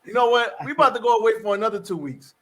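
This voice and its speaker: Male podcast host, high-pitched, loud joking banter with chat shout-outs. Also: very fast. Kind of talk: casual live-stream podcast chat.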